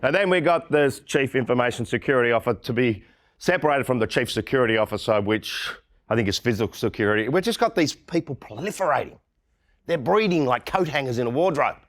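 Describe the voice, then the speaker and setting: A man's voice: mid-range voice, lively intonation, fast talker, fairly bright tone. Blunt, irreverent Australian man giving a keynote. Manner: blunt and irreverent, mocking mimicry of colleagues. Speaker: keynote speaker. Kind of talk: conference keynote talk.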